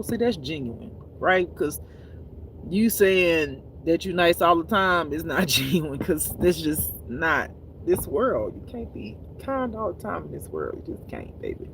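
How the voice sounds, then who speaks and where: A tired man chatting casually to viewers on a live stream from his phone, animated and laughing often as he talks. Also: fairly high pitch, unhurried, slight background noise. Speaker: spiritual reader streaming live.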